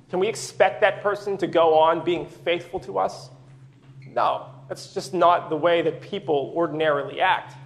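High-voiced man preaching a sermon. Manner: earnest, measured teaching with rhetorical questions.

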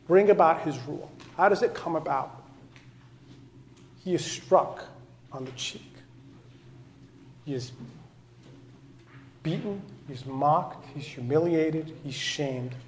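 Man preaching, high-pitched, slow and fervent. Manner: impassioned, swinging between soft low passages and loud rising repetitions. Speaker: pastor. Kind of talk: sermon.

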